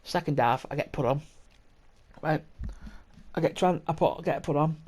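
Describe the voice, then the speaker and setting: Young man, podcast host, rambling sweary storytelling, slightly high voice. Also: normal speed, darkish tone, husky. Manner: rambling, sweary, laughing, lots of restarts. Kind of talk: casual storytelling chat.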